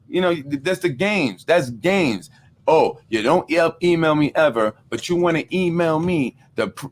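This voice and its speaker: Animated New man, casual political rant. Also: medium pitch. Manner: animated, repeats himself, street-casual. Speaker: podcast host.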